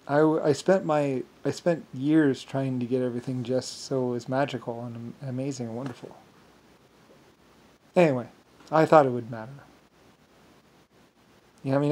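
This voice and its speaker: A man telling a rambling, boastful story, halting often with fillers and restarts. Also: mid-range voice, a little mellow. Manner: boastful, grandiose. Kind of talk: rambling monologue.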